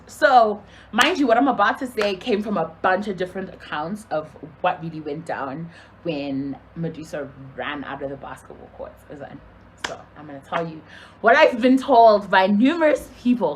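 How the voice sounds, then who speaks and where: A young woman from Zimbabwe telling a casual storytime to her camera, animated, acting out the people in her story. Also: fairly low pitch, slight background noise. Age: young adult.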